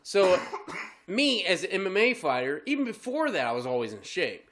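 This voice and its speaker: A man co-hosting a crude casual podcast chat, rowdy and laughing, bursting into shouts. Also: high-pitched, very animated, normal speed. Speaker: podcast co-host.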